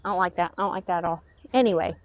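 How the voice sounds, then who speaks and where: A woman's voice: on the low side, very fast, lo-fi sound. Chatty woman touring her garden. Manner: chatty, exclaims and mutters to her plants. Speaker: gardening vlogger. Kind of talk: casual walk-through garden update. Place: outdoors in a backyard garden.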